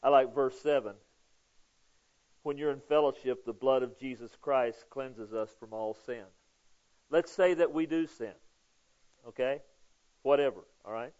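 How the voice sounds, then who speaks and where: A man preaching a sermon in a conversational way, often checking in with the congregation and swinging between loud emphasis and hushed, prayerful asides. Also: medium pitch, measured pace, long pauses, dull audio. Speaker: pastor.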